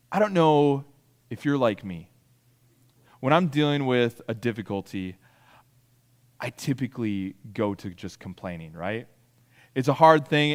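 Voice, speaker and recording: Lively high-voiced man preaching. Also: unhurried, long pauses, clear, resonant tone, long reverb tail. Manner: animated preaching, voices quoted complaints dramatically, frequent restarts and "right?". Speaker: pastor. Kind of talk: sermon.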